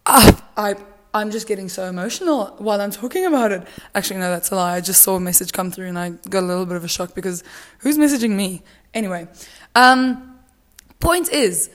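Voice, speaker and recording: A woman's voice: medium pitch, normal speed. A young woman from South Africa hosting a solo podcast, chatting casually with dramatic rants and plenty of filler words. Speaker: podcast host.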